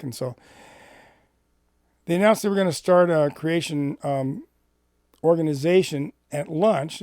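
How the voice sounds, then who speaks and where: A middle-aged man from Washington State telling a personal ministry story in an animated way, acting out the dialogue. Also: on the high side, dry recording, studio quality. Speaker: Christian ministry speaker.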